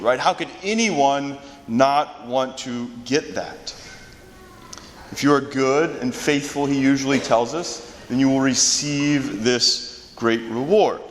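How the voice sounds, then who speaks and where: A man, a Catholic priest, gives a relaxed homily in a conversational preaching style, often tagging his points with a quick question. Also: a little high, slight background noise. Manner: casual preaching with frequent tag "right?". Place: church. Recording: long church reverb.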